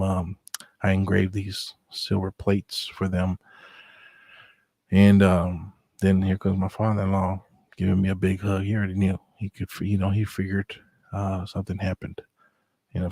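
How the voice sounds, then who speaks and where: A middle-aged man telling personal stories in a relaxed, reflective way, with many fillers. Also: low voice, gravelly, breathy edge, no echo. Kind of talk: casual storytelling chat.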